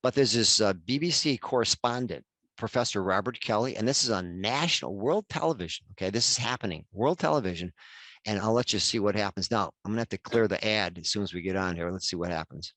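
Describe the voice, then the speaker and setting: A man's voice: fairly low pitch, quick pace, fairly bright tone, dry recording. An older man in his sixties presenting a workshop over a video call, chatty and addressing attendees by name. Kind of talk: webinar workshop talk.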